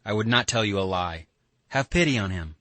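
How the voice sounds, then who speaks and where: A man's voice: lowish voice, lively intonation, a little fast, a bit bright, no room sound. A man doing an earnest, emphatic young man. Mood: insistent. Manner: emphatic, pleading.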